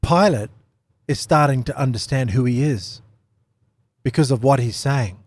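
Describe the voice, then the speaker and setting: A man giving an unscripted Bible study talk, animated, with lots of rhetorical questions and repeated phrases. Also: medium pitch, unhurried, no echo. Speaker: Bible teacher.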